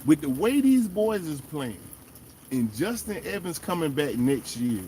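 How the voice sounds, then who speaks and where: A man hosting a fan show, giving animated, emphatic casual commentary and talking straight to the players. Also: fairly high pitch, unhurried, a little hiss or hum. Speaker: sports fan show host.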